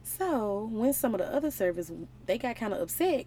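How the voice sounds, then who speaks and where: A young woman talks through a Bible passage in a relaxed, slangy way, full of playful asides. Her voice is warm and mellow, with a faint hiss of noise behind it. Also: on the high side, moderate pace, few pauses. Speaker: relationship vlogger. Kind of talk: casual Bible study talk.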